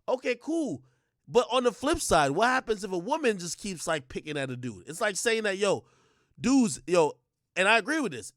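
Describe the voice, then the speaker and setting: A man's voice: high voice, a bit bright, dry recording, clean studio sound. A man hosting a livestream, ranting in a heated, profane way and stumbling over filler words and restarts. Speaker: livestream host.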